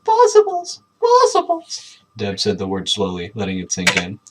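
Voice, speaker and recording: A man's voice: deep voice, level tone, a little fast, bright, forceful tone, poor audio. A man reading a children's book aloud with dry, sardonic asides. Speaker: reader.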